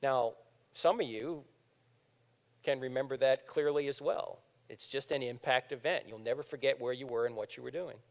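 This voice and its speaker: A man's voice: mid-range voice, normal speed, creaky. A man in his fifties giving an apologetics talk to a live audience in a large room, telling stories and acting out the people in them. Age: 50s. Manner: animated storytelling, acting out quotes. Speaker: speaker. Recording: long hall reverb.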